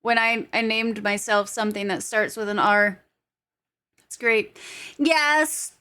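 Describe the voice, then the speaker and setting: A woman's voice: medium pitch, little pitch movement, unhurried, bright, forceful tone. A young adult woman streamer chatting casually with her viewers. She giggles often and swears freely.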